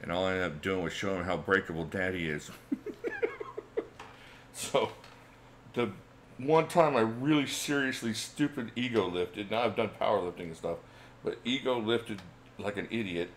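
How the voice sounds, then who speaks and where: A man's voice: lowish voice, moderate pace, slight background noise. A middle-aged man hosting a casual livestream, reading chat comments and laughing often in a chatty, laid-back way. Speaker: livestream host.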